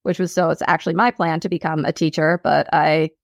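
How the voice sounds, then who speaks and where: A young woman from Long Island with a light New York accent, chatting relaxed and self-deprecating as an author guest over a video call. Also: deep voice, fairly quick, vocal fry, no echo. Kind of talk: casual interview chat.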